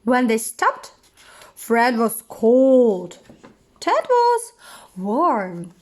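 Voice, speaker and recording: A woman storyteller reads a children's book aloud in a high, lively sing-song voice, going very slowly.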